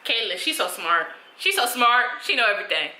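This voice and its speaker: A young woman reviewing TV episodes in a casual, animated, slangy reaction style. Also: a little high, fairly quick, soft background music. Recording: roomy echo.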